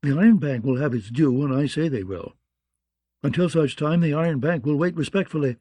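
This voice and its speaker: A man's voice: fairly high pitch, fairly quick, warm tone, dry recording, close to an everyday voice. A man reading the lines of a cold, commanding queen in an audiobook. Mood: imperious. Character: proud imperious queen, woman.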